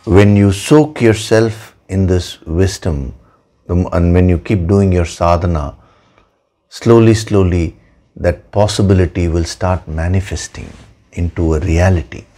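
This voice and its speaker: A man delivers a spiritual discourse with a very deep, low voice. He speaks slowly and deliberately, leaning on repeated words for emphasis. His tone stays dark and mellow throughout. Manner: slow, measured, emphatic with repetitions. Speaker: spiritual teacher.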